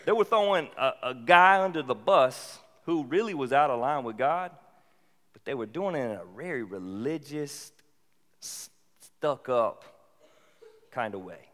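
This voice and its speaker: A man's voice: mid-range voice, unhurried. Conversational male pastor in a reverberant hall. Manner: conversational, rising to animated bursts. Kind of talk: sermon.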